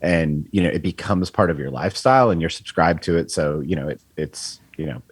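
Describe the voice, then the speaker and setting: A man with a very low, husky voice talking on a business podcast. He rambles along loosely, filling his sentences with "you know" and "like", and the sound is dry and close. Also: a little fast, no echo. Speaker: podcast co-host. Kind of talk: casual business podcast discussion.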